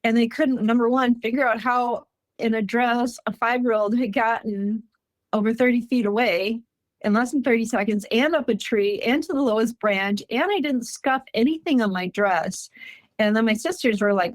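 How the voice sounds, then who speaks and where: A woman from Minnesota shares a personal story in a casual, earnest way. Her voice sits fairly high, and the sound is close and dry. She stays animated and laughs often. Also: moderate pace, no room sound. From Minnesota, USA. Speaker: guest recounting a personal encounter.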